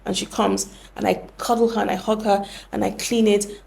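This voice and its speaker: A woman's voice: medium pitch, level tone, normal speed, creaky, a little mellow. A young woman hosting a podcast, explaining things earnestly and often correcting herself mid-sentence. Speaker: podcast host. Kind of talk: reflective podcast talk.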